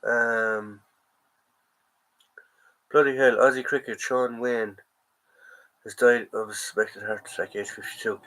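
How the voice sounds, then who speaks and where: A man's voice: mid-range voice, fairly even intonation, measured pace, long pauses, bright, forceful tone, poor audio. An Irish man with a sore throat hosting a casual live stream, rambling and answering chat comments as he goes.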